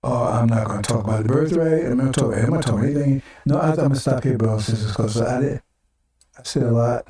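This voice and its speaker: A man's voice: medium pitch, fast, dark tone. An older man giving an informal sermon broadcast, talking rhetorically, repeating phrases and tagging on "right?" and "see?". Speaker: preacher. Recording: echoey room, mic at a distance.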